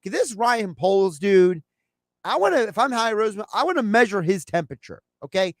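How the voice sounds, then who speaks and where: A man's voice: sits high, very animated, fairly quick, dry recording, clean studio sound. A man hosting a sports talk show, giving his take in a loose, conversational way and acting out imagined phone calls.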